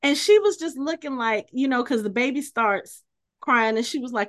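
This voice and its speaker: High-pitched and at normal speed, a woman recaps a TV episode on her podcast in a relaxed, lively way, voicing the characters' quoted lines. The audio is studio quality with no room sound.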